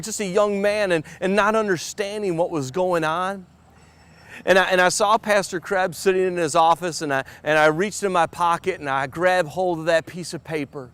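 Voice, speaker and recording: A man's voice: a little high, fairly bright tone, clear, resonant tone. A man preaching a sermon, earnest and personal, often stammering and repeating words as he speaks.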